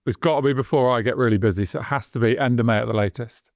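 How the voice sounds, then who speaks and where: A man's voice: medium pitch, very fast, dry recording. A man co-hosting a podcast, answering in casual, dry and wry chat. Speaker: podcast co-host.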